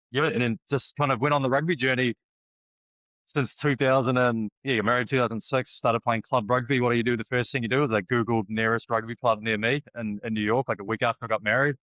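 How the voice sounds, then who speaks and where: A New Zealand man in his forties, a rugby coach, chats easily as a podcast guest, often restarting his sentences. His mid-range voice is slightly bright. The casual interview was captured in dull, dry lo-fi audio with no echo.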